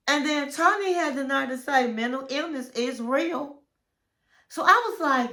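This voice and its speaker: A woman's voice: high voice, measured pace, pushed and bright. A woman hosting a casual reality TV recap, telling the story in a chatty, gossipy way and acting out what people said. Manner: chatty, gossipy storytelling that acts out quoted lines.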